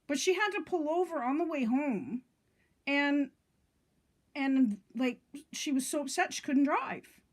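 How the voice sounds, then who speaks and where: A middle-aged woman speaks to her viewers in a casual vlog monologue. Her voice sits high for a woman. She sounds indignant and rambles, filling pauses with "um" and checking in with "okay?". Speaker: vlogger.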